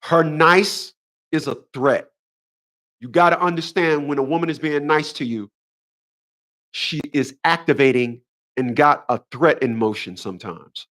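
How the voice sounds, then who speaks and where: A man's voice: a little high, measured pace, fairly bright tone. A man in his fifties hosting a casual livestream monologue, emphatic and preachy, often repeating his phrases. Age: 50s. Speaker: host.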